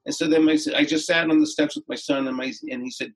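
This podcast guest, a middle-aged man, speaks a little high with fairly level intonation. He relates a personal experience in a gentle, leisurely, reflective way, pausing and restarting, over poor audio.

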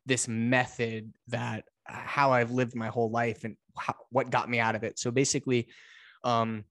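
Young male guest, halting then excited storyteller, dry close mic. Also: mid-range voice, dry recording. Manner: halting, repeats words, builds to excited bursts. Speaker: guest, motivational speaker. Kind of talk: candid interview storytelling.

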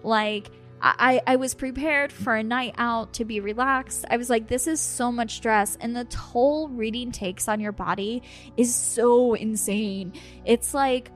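High-voiced young woman telling a story. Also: a little slow, soft background music. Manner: animated, swears freely, acts out quotes. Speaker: podcast host, medium. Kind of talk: casual storytelling chat.

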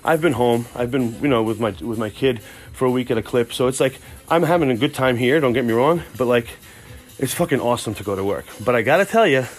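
A man hosting a podcast, telling a rambling, profane, excitable comic story from work. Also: medium pitch, quick pace, soft background music. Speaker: podcast host. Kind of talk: casual comic storytelling monologue.

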